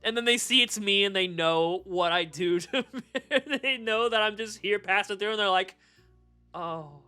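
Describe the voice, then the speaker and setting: A man live-streaming from a warm room at home, rambling and swearing casually and laughing at his own jokes. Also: sits high, normal speed, clear, resonant tone, soft background music. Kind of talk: casual live-stream chat while shiny hunting.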